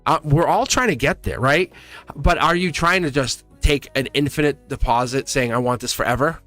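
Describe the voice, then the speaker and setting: A man hosting a live tarot stream, talking in a rambling, animated way and laughing often. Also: a little high, moderate pace, soft background music. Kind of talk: casual live-stream chat.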